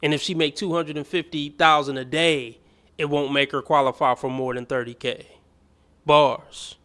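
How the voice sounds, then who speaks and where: A man's voice: on the high side, fairly even intonation, moderate pace, a bit bright, smooth. A man hosting a commentary stream, reacting bluntly and scornfully to clips, with some profanity. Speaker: host.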